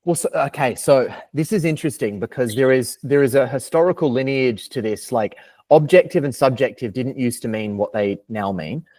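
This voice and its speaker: A young Australian man talks through abstract ideas as a podcast guest. He hedges, restarts and circles his points, and his voice sits at an ordinary middle pitch. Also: normal speed, a little mellow. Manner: thoughtful, hedging, philosophical, many restarts. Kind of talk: casual interview chat.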